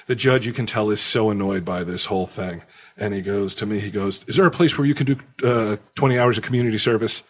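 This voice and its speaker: A man telling a rambling story in casual chat, crude and animated, acting out the people he quotes. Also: fairly low pitch, fast.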